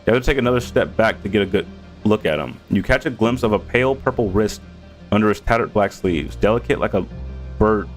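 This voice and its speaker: A man streaming a game, reading its narration aloud with casual asides. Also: fairly low pitch.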